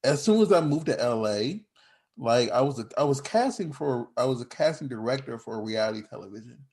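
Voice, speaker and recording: A man's voice: medium pitch, lively intonation, fairly quick, a little mellow. A man hosting a podcast in casual chat, rambling with frequent restarts and laughing as he talks. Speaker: podcast host.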